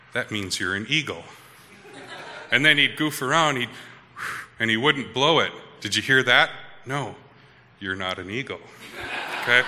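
A man's voice: mid-range voice, sharp tone, big-room sound. A man in his thirties from Wisconsin, a pastor telling a story in a sermon and talking casually to his listeners, often checking that they follow. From Wisconsin, USA.

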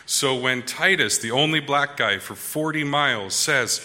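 A pastor in his thirties from Wisconsin tells a story from the pulpit in a loose, conversational way and keeps checking in with his congregation. His voice is very bright and forward. It rings with the long reverb of a church hall. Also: mid-range voice, measured pace. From Wisconsin, USA. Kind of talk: storytelling sermon.

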